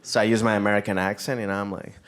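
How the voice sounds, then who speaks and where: A man's voice: on the low side, level tone, racing, fairly bright tone. A man from Venezuela with a Venezuelan Spanish accent, doing a laid-back stand-up set and laughing at his own jokes. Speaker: stand-up comedian. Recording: live stand-up with background noise.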